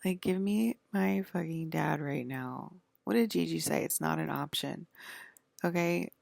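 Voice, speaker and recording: A woman's voice: low-pitched, unhurried, creaky, darkish tone, dry recording. A woman vlogger in a rambling, profane, indignant monologue.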